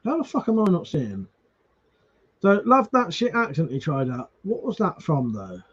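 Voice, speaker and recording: A man's voice: on the high side, wildly swooping pitch, normal speed, fairly bright tone, slightly rough. A man chatting casually with viewers on a live stream, reading comments, greeting them by name and swearing freely. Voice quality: swears freely, restarts words. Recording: dull lo-fi stream audio.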